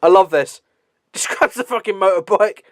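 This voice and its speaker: A man's voice: high-pitched, normal speed, no room sound, studio quality. A man giving casual movie commentary, laughing often and swearing freely. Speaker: film commentator.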